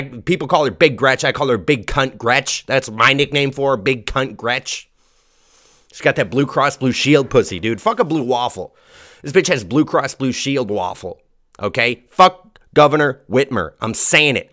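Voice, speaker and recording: A man's voice: medium pitch, sharp tone. A comedian hosting his podcast from a home basement, ranting crudely and angrily. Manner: angry, crude, exasperated ranting. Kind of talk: profane ranting monologue.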